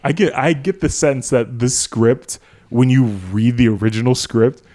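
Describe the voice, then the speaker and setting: A man's voice: mid-range voice, a little slow, mellow. A man with a mid-range voice talks through a film on a casual podcast. He rambles with many fillers and drops swear words along the way. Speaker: podcast co-host. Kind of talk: casual movie-review chat.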